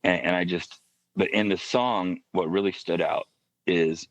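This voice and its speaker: A man on a podcast telling a personal faith story in a halting, reflective way, often restarting his sentences. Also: deep voice, fairly even intonation, no room sound, dull audio. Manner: halting, reflective, with many restarts and soft asides. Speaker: podcast guest.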